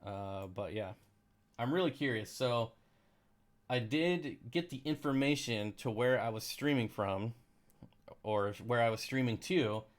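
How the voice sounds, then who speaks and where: A man's voice: medium pitch, unhurried. A man hosting a casual live stream, reading viewer comments, rambling and sarcastic about technical problems. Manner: rambling, sarcastic, easily frustrated. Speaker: aquarium channel live streamer.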